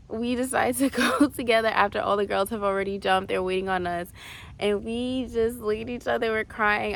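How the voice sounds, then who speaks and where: A woman's voice: medium pitch, a little hiss or hum. A woman vlogging about her travels, telling a personal story candidly with lots of casual fillers.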